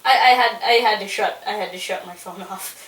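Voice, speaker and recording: A young woman answers in short, giggly reactions as co-host. She sits away from the mic, and the room adds a clear echo. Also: medium pitch, brisk, a bit bright. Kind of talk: casual chat. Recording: echoey room, distant mic.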